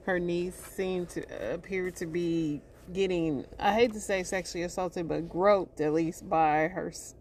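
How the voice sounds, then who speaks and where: A woman's voice: lowish voice, slight background noise. A woman hosting casual commentary, talking in a chatty, hesitant, exasperated way. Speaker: commentary host.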